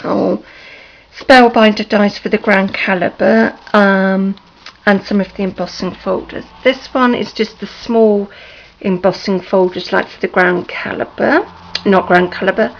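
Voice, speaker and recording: A woman with a hoarse, sore-throated voice gives a slow, hesitant, apologetic tour of her room, with many ums. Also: mid-range voice. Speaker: crafting vlogger. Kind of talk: casual room tour vlog. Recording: dull lo-fi home video with faint noise.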